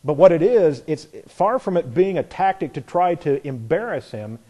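A man's voice: fairly high pitch, expressive, normal speed, warm tone, husky. A man preaching a sermon, reading scripture aloud and explaining it in a conversational way. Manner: conversational, reads scripture then comments. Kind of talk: expository sermon.

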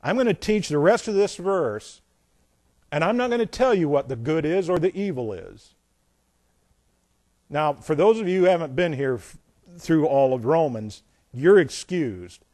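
Male pastor, slightly high voice, sermon with folksy asides, dry close sound. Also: animated, a little slow, long pauses, no echo. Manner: reads scripture aloud, then explains it with folksy asides; dramatic swings between loud emphasis and quiet asides.

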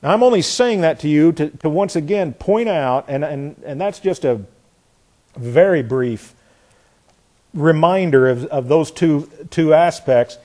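Male preacher, slightly high voice, emphatic Bible teaching, repeats phrases for weight. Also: unhurried, darkish tone. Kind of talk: expository sermon.

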